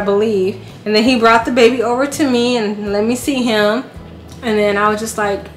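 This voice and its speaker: A woman in her thirties telling a personal story in casual vlog style, lively and acting out the voices of others. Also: medium pitch. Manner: animated, acts out quoted voices. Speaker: vlogger. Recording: echoey room with faint noise.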